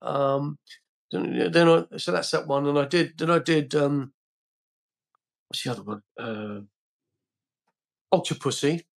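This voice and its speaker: A man's voice: a little high, unhurried, creaky, pauses often. An older man, a film actor guest on a podcast, telling rambling stories full of fillers and restarts. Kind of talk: casual interview storytelling.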